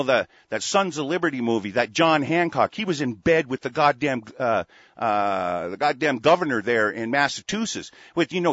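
A man's voice: on the high side, fairly bright tone, husky, dry recording. A man hosting a radio show, delivering an angry, profane political rant full of stammered restarts. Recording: dull lo-fi dry recording.

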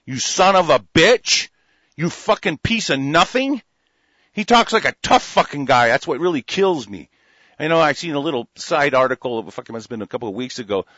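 A man's voice: fairly high pitch, no echo, highs cut off. A man delivering an angry, profane political rant, hurling insults. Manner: furious, profane, shouting insults.

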